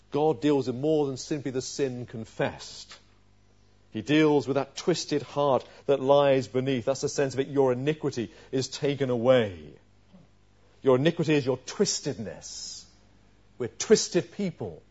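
A man preaching an expository sermon. He puts questions to his listeners and moves from loud, stressed phrases to quiet asides. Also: on the high side. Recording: dull lo-fi sermon recording.

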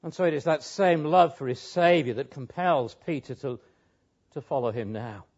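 A man's voice: mid-range voice, normal speed, a little mellow. A man preaching an expository sermon in an earnest, emphatic way, pressing key words with rising and falling emphasis. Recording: dull lo-fi sound.

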